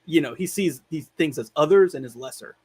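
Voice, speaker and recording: A man's voice: a little high, brisk, darkish tone, husky, dry recording. A man hosting a film podcast, retelling scenes in a loose, rambling way full of "like" and casual swearing. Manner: laid-back, swears casually. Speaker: podcast host reviewing films. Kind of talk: casual chat.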